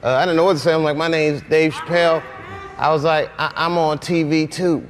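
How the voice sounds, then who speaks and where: A man's voice: fairly high pitch, steady tone, fast. A man, a guest comedian, telling loose, laughing anecdotes on talk shows. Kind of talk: casual storytelling on talk shows.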